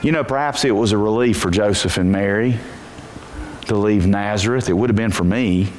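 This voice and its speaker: A pastor preaching a sermon in church, telling the story with energy and moving from quiet asides to shouted peaks. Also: male voice, lowish voice, moderate pace, a little hiss or hum.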